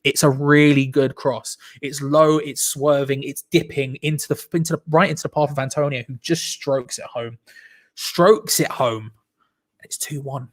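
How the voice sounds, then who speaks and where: A young man hosting a live football watch-along, reacting excitedly to the match and chatting with viewers. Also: medium pitch, normal speed. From England. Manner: excitable, shouts and laughs at goals, chats to viewers. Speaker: fan channel host.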